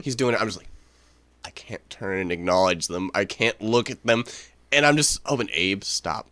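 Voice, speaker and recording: A man's voice: on the low side, normal speed, dry recording. Young man telling rambling stories, dry sound. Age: young adult. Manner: rambling, swearing, animated anecdotes. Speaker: podcast co-host. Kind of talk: casual storytelling chat.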